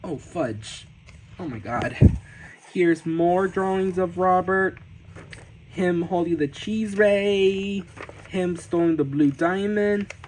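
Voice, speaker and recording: A man casually flipping through his sketchbooks on a vlog, gasping and gushing with excited exclamations. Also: sits high, takes it slowly, slight background noise, rough recording. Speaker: artist showing his sketchbooks.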